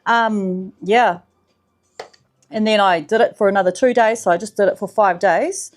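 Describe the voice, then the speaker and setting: A woman with a New Zealand accent talking casually in a personal vlog, slangy and profane, sometimes softening to a low, hushed voice. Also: moderate pace. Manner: chatty, swears freely, slangy; drops to a soft, low voice in the spiritual parts. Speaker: vlogger.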